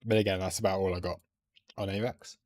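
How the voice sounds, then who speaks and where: Low-voiced man rambling on a stream. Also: steady tone, fast talker, no echo. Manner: rambling, self-deprecating, thinks out loud. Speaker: trading livestream host. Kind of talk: casual livestream chat and chart analysis.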